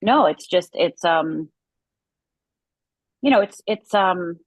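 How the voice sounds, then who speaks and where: Speaking slowly and expressively in a lower register, a middle-aged woman from Upper Michigan recounts her life as a guest in an interview, her storytelling intense and vivid. The recording is dry and low in quality.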